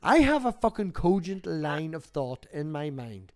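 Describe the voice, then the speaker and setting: A man's voice: fairly high pitch, measured pace. Sweary man telling stories. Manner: swears freely, animated storytelling. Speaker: livestream host. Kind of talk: casual chat.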